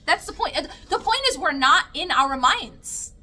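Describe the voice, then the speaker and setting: A woman's voice: high voice, lively intonation, a little slow, pushed and bright. A woman giving a lecture to a live audience, often checking in with the room by asking them questions. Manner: engaging, asks the audience frequent questions.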